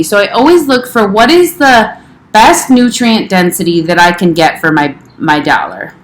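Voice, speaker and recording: Young woman rambling on in her kitchen vlog, mouth half full, middle pitch. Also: lively intonation, normal speed, reverberant, slight background noise, poor audio. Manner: chatty, rambling, talks while eating. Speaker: health coach. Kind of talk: casual vlog chat.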